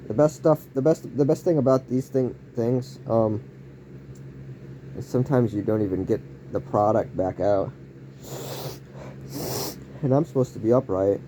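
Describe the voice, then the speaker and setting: A man rambling through a casual home vlog indoors, using odd word choices and breaking into sudden yelled outbursts. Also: medium pitch, a little slow, long pauses, noisy background. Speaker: vlogger.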